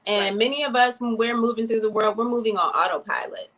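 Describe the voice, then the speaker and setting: Bright-voiced woman explaining on a video call. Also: fairly high pitch, quick pace. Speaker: yoga teacher guest. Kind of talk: casual explanation.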